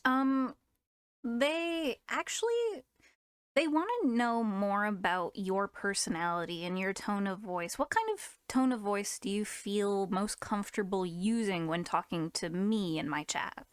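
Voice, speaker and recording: A woman's voice: mid-range voice, expressive, measured pace, clean tone, no room sound. A woman streaming live, chatting casually, laughing often and restarting her sentences.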